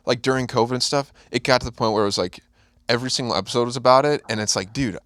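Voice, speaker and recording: A man's voice: mid-range voice, rapid-fire, a bit bright, no room sound. A young adult man, a guest on a podcast, giving earnest opinions in casual chat and hedging them.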